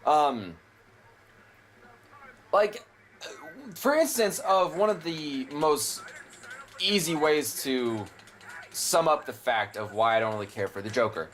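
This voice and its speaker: A man's voice: fairly high pitch, expressive, slow pace, pauses often, fairly bright tone. A young man casually commentating a video game, rambling and opinionated, with frequent swearing. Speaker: gameplay commentator. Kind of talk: casual let's play commentary.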